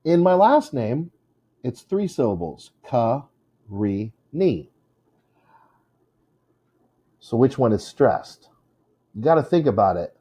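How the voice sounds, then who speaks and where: A man's voice: mid-range voice, very animated, normal speed, warm tone, husky. A male English teacher giving a recorded lesson, joking with his class and drawing out syllables to show which one is stressed.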